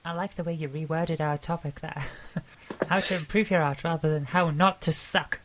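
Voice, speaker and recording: A woman co-hosting a casual podcast chat, briskly steering the conversation. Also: sits low, steady tone, noisy background. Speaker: podcast co-host.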